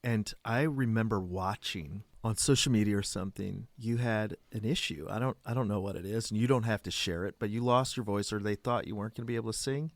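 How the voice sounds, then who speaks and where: A man's voice: on the low side, brisk, few pauses, no room sound. A man co-hosting a casual podcast about ministry, asking his guest questions in a friendly way. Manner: friendly interviewer, supportive prompts. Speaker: podcast co-host, ministry worker.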